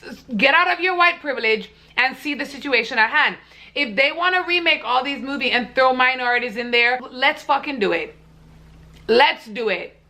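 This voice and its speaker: A woman's voice: fairly high pitch, sharp tone. A young woman vlogger ranting to camera in a blunt, heated, profane way. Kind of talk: casual vlog rant.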